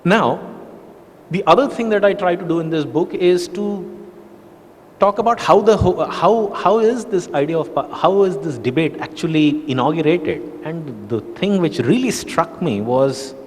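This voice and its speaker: A man with an Indian accent, an author presenting his research at a panel in a measured, explanatory lecturing manner. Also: fairly high pitch, lively intonation. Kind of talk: academic talk. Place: large reverberant hall. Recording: reverberant hall, faint ambient noise.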